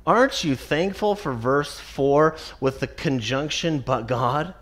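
A man preaching an expository sermon, emphatic and repetitive, slowing down to stress the scripture he quotes. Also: a little high, a bit bright. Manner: emphatic, repeats key phrases, slows to stress scripture.

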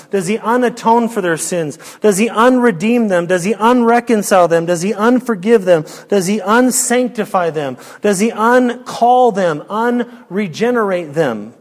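Emphatic high-voiced male preacher. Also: long reverb tail. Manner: emphatic, rhetorical questions, drops to a hush. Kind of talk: expository sermon.

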